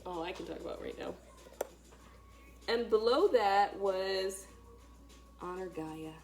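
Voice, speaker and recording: A woman's voice: mid-range voice, a little slow, faint music behind. Emphatic woman giving a spiritual talk. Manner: casual, emphatic and dramatic, addressing viewers directly. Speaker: spiritual teacher.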